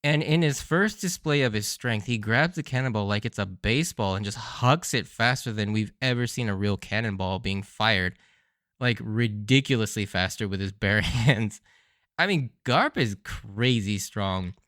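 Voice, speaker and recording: A man's voice: lowish voice, moderate pace, a bit bright, no room sound, studio quality. A man hosting a podcast, recapping anime episodes in a casual, enthusiastic way and laughing often. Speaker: podcast host.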